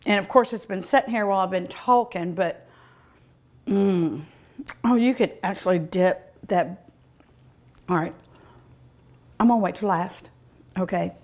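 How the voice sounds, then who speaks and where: A woman's voice: medium pitch, unhurried, long pauses, darkish tone. A woman hosting a cooking show, tasting food in casual commentary, savoring each bite with delighted hums and exclamations.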